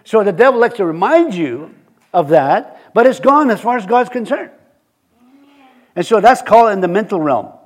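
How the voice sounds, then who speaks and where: A man's voice: sits high, animated, normal speed. A middle-aged man preaching a sermon in a conversational way, often repeating words and building to emphatic points.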